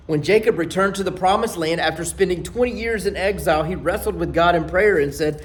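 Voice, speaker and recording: Man preaching with sudden loud and hushed turns. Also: on the high side. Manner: emphatic preaching that rises for scripture quotes and drops to near whispers. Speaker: pastor. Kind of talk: sermon.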